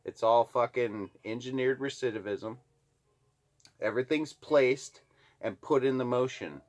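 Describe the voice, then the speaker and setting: A man's voice: medium pitch, unhurried, darkish tone. A man from Alaska ranting heatedly to the camera, swearing constantly. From Alaska, USA. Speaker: vlogger. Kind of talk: angry political rant to camera.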